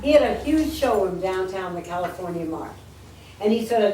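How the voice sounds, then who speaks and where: Older woman in her 80s spinning lively, jokey stories for an audience, recorded from a distance in a very echoey hall. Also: medium pitch, normal speed, a little hiss or hum. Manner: lively, jokey storyteller, acts out quotes. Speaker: speaker telling her life story. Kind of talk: storytelling talk to a live audience. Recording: echoey room, distant mic.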